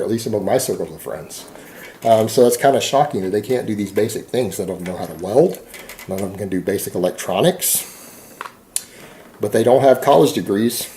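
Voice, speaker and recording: A man's voice: lowish voice, mellow. A man speaking to camera in a rambling, defensive monologue, sarcastic and full of fillers. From Texas. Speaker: fitness YouTuber.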